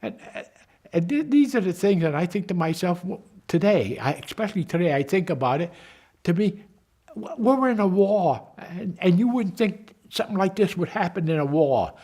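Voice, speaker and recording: A very old man in his nineties tells his wartime memories to the camera. His voice sits a little high for a man, and he stumbles along, repeating and restarting words as he goes. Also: animated, normal speed, mellow. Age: 90s. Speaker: war veteran. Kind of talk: personal war memory told to camera.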